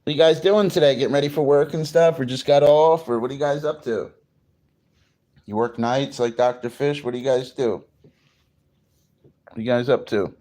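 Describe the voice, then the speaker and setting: A man's voice: medium pitch, normal speed, long pauses, dark tone. A man from New Jersey chatting casually on a morning livestream, greeting viewers and swearing freely. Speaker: livestream host.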